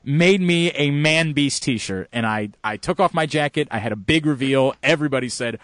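A man's voice: a little high, moderate pace, a bit bright. A man hosting a sports podcast in a radio studio, telling self-mocking stories with a joking tone. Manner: joking, self-mocking storytelling with frequent laughs. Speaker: podcast host. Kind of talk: casual podcast banter.

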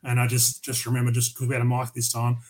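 A man's voice: medium pitch, monotone, fast, darkish tone, slight background noise, low-quality recording. Casual, swearing Australian man. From Tasmania, Australia. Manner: profane, rambling anecdotes with many restarts. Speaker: podcast guest, metal vocalist. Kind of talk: casual storytelling interview.

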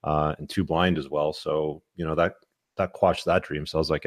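A man's voice: extremely low pitch, level tone, moderate pace, no echo, clean studio sound. A man born in England, a guest on a casual chat, blunt and plain-spoken with casual swearing.

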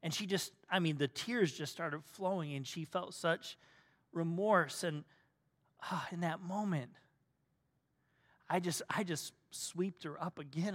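A middle-aged male pastor preaching a sermon, telling a family story and swinging from loud emphasis to soft, hushed tones. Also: a little high, a little slow. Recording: long hall reverb.

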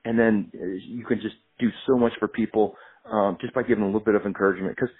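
A fast-talking man with a husky edge tells emphatic, energetic stories and acts out bits of dialogue. His voice comes through a thin, phone-like remote call line. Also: fairly low pitch. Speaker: guest, doctor and motivational speaker. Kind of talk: casual podcast interview.

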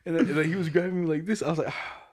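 A man's voice: on the high side, very fast, darkish tone. A young man chatting casually about his delivery job, rambling and slangy, full of "like" and "you know". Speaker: delivery worker telling stories. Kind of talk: casual chat.

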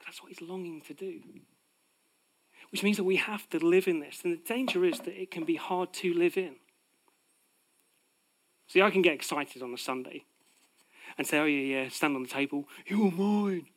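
Animated male preacher, high voice. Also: moderate pace, long pauses. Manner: animated, swings from loud proclaiming to hushed. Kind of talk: sermon.

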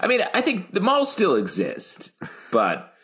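A man's voice: high-pitched, wildly swooping pitch, a little slow, fairly bright tone, husky. Enthusiastic joking man talking comics. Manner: enthusiastic, joking, quotes characters in mock voices. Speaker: podcast co-host. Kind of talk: casual comic book review chat.

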